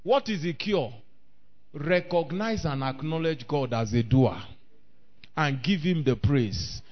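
Man preaching, high animated voice, dull lo-fi recording. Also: slow pace. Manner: preaching with scripture readings in old English, rising to shouts. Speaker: pastor. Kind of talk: sermon.

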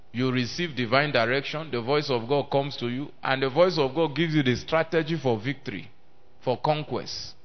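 A male preacher delivering a sermon, swinging between loud emphatic declaiming and quieter talk, calling on the congregation to respond. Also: mid-range voice. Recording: dull lo-fi sermon recording.

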